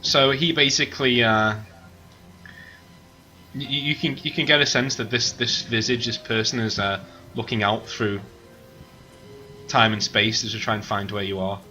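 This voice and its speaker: A man running an online tabletop game as game master, narrating haltingly with many fillers and the odd curse. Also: mid-range voice, steady tone, sharp tone, faint music behind. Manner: halting, full of fillers and swearing.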